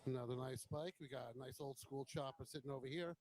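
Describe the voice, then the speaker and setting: A man's voice: medium pitch, quick pace, darkish tone, slight background noise, low-quality recording. A man hosting a motorcycle vlog, walking around a bike show with a handheld camera and giving casual, admiring commentary on each bike, now and then swearing bluntly. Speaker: motovlog host.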